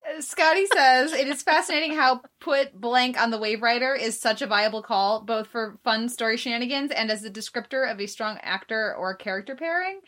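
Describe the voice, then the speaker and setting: A woman's voice: on the high side, a little fast, a bit bright. A woman co-hosting a casual podcast, reading out listener comments in an easygoing way with lots of hesitant fillers. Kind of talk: casual chat.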